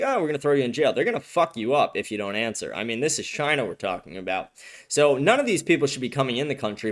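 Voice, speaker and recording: A young man hosting a livestream, giving angry, profane commentary with a slightly sore throat. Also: mid-range voice. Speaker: host.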